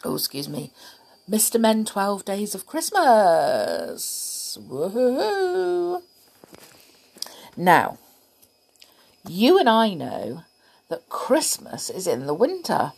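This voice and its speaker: A woman reading a children's picture book aloud, very slow and unhurried. Her pitch rises and falls with great liveliness as she plays up every line. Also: husky. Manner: animated, expressive, playful. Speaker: storyteller.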